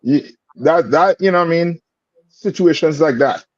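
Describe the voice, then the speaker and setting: A man's voice: on the high side, normal speed, dry recording. A man teaching a scripture class in plain street talk, quizzing his student with repeated "you understand?" checks. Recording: dull lo-fi sound.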